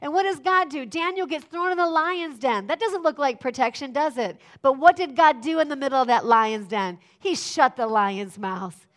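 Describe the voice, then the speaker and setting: A middle-aged woman preaching a sermon, lively and often asking the congregation questions. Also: high voice, a little fast, few pauses.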